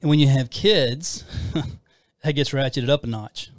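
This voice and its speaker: A man's voice: medium pitch, measured pace, no echo. Rambling middle-aged man on dry mic. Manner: rambling, self-deprecating, with frequent restarts and fillers. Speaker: podcast co-host. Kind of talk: casual faith-based marriage talk.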